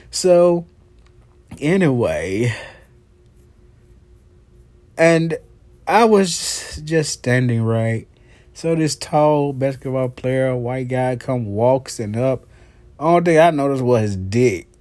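A man's voice: mid-range voice, expressive, takes it slowly, long pauses, a little mellow, no echo. A man hosting his own podcast in a brash, profane, gossipy monologue, laughing often. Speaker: podcast host. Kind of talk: casual monologue.

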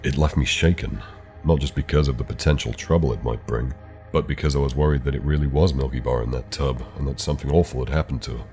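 Super deep guy reading a creepy story, calm and steady, quiet music under it. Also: fast talker. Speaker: horror story narrator. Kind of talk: scripted horror narration. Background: soft background music.

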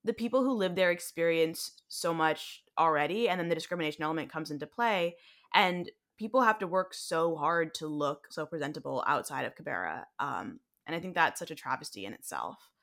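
Low-voiced American woman co-hosting a podcast. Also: lively intonation, brisk, a bit bright. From United States. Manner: chatty, frequent ums and likes. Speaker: podcast co-host. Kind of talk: conversational podcast discussion.

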